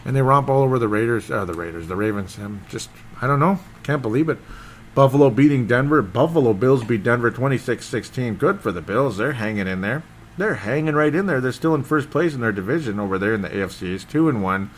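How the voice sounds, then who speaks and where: Rambling, excitable football podcast man. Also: mid-range voice, fast, a little hiss or hum. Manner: rambling, excitable, loses his train of thought. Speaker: sports podcast host. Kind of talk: casual football recap.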